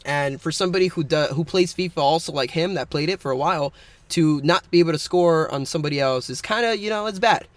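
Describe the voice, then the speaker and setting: A man's voice: on the high side, quick pace, no echo. A young man co-hosting a casual podcast, rambling through a story and laughing often. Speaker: podcast co-host.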